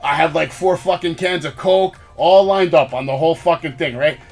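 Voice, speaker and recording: A man who hosts a podcast, telling stories in an animated, profane way and acting out the quotes. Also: fairly high pitch, normal speed, vocal fry, faint music behind. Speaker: podcast host. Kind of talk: casual chat, storytelling.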